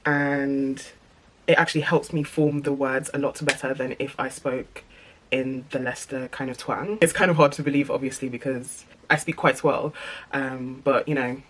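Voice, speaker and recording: Woman vlogger, crisp British received pronunciation, chatty but halting, trips over words and restarts. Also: very deep voice, steady tone, slight background noise, rough recording. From English Midlands. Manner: frequent ums, restarts and light stutters. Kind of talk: casual talk to camera.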